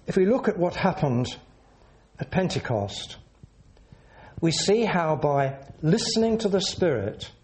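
A man preaching a sermon in an earnest, measured teaching manner, leaning into words for emphasis. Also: fairly high pitch, a little mellow.

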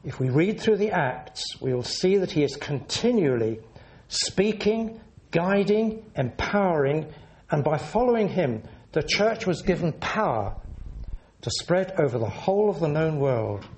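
Lively-voiced male preacher. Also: on the high side. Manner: earnest, measured teaching delivery with rising emphasis. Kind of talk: sermon.

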